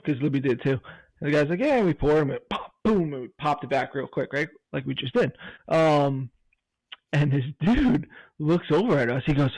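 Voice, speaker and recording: A man's voice: on the high side, lively intonation, a little fast, a little mellow, dry recording, poor audio. A man co-hosting a podcast in casual chat, telling stories with frequent laughter. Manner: storytelling, laughs often. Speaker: podcast co-host.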